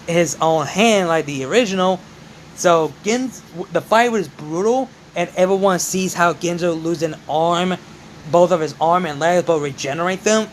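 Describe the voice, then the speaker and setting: A man narrating a fan-made story in a casual, halting way with many restarts. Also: high-pitched, a little hiss or hum.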